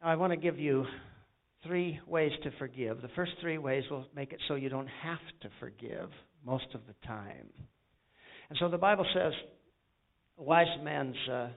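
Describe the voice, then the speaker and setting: Man, pastor, sermon, call-and-response, folksy stories, slightly high voice, tinny phone-like audio. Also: vocal fry.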